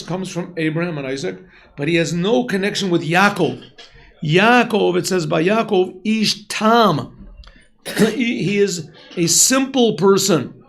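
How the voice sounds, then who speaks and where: A rabbi gives a Torah lesson in a high voice with a gravelly edge. He moves between reading Hebrew lines and explaining them in English. He clears his throat often as he talks to his students. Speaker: rabbi teaching a class. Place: yeshiva classroom.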